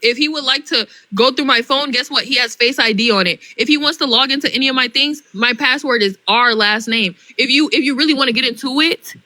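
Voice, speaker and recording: Woman arguing on a live stream, very bright tone, dry close sound, blunt and scolding. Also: high-pitched, a little fast, few pauses, dry recording. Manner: blunt, scolding, talks over others. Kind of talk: heated live-stream argument.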